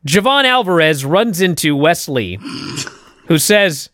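A man co-hosting a casual wrestling podcast, telling a story and acting out the quotes with lively swings. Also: on the high side, measured pace, no echo, clean studio sound. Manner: animated storytelling, acts out quotes. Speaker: podcast co-host.

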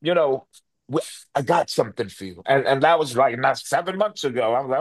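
A man's voice: mid-range voice, lively intonation, fairly quick, no room sound. New guy, middle-aged, rambling story with lots of restarts, dry close mic. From New York. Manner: rambling, lots of restarts and fillers, acts out quoted voices. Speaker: guest. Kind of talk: animated storytelling.

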